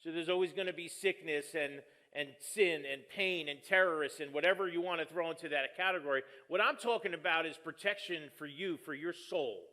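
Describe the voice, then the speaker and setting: A man's voice: on the high side, sharp tone. A man preaching a conversational sermon as pastor, telling stories with jokes and poking fun at himself. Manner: joking, storytelling, self-deprecating.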